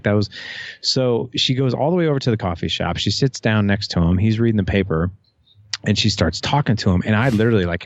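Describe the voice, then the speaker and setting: A podcast guest in his thirties, speaking in a lowish voice, tells a personal story in a casual, candid way, swearing now and then. He retells dialogue with lots of "like"s and restarts. The recording is dry and dull.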